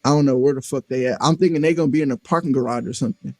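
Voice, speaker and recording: A man, a guest on a casual podcast, tells an animated story in profane slang and acts out other people's voices. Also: mid-range voice, rapid-fire, no room sound.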